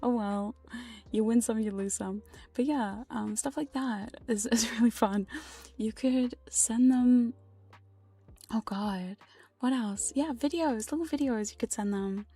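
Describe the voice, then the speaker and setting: Breathy whispering woman, whispered role-play. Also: fairly high pitch, measured pace. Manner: soft whispering, rambling and playful; frequent laughs and swearing. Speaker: ASMR streamer. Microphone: binaural ASMR microphone.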